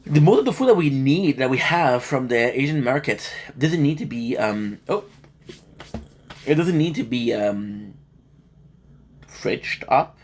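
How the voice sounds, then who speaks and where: A man's voice: mid-range voice, animated, measured pace, long pauses, slight background noise. A man live streaming, chatting casually and joking with his viewers before moving on to game commentary, sounding tired and a little sick. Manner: laid-back, joking banter with chat. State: tired and feeling a bit sick.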